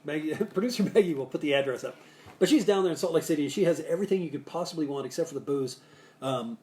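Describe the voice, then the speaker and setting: A man's voice: a little high, fast, a little mellow. A man hosting a live cocktail show, chatting casually and jokily, rambling with restarts and asides as he gives bartending tips. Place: Salt Lake City area.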